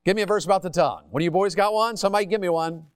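A man's voice: high voice, very fast, clear, resonant tone, no echo, clean studio sound. A middle-aged man preaching a sermon, calling on the audience with a folksy, teasing manner. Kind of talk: interactive sermon. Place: church hall.

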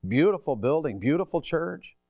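A man's voice: a little high, big pitch swings, moderate pace, a little mellow, no room sound, clean studio sound. A man preaching a sermon, telling folksy stories and asking the congregation rhetorical questions.

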